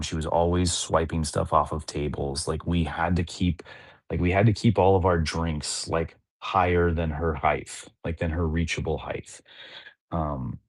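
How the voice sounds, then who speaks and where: A man's voice: sits low, a little mellow, no echo. A man in his thirties, a father co-hosting a podcast, chatting casually and rambling with lots of filler words. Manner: rambling, heavy use of "like" fillers. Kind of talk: casual chat.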